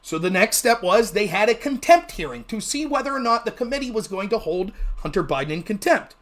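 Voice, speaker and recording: A man hosts a political livestream with combative, sarcastic commentary. His pitch swings widely, and he keeps breaking into mocking put-on voices. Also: animated, brisk, fairly bright tone. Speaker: livestream political show host.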